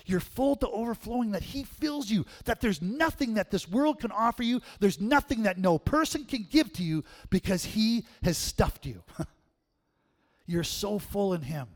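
A man preaching a sermon, telling stories in an animated way and laughing often. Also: high-pitched, a little slow.

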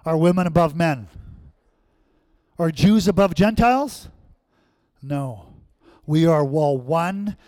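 A man's voice: on the high side, no room sound. Emphatic man preaching a sermon. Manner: call-and-response, asking the congregation questions; swings between loud emphatic lines and quiet asides. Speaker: pastor.

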